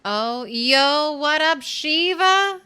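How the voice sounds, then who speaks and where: A woman's voice: high voice, expressive, very slow, pushed and bright. A woman streamer chatting casually with viewers while she plays, greeting people by name and talking through her progress. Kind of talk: casual live-stream chat while gaming.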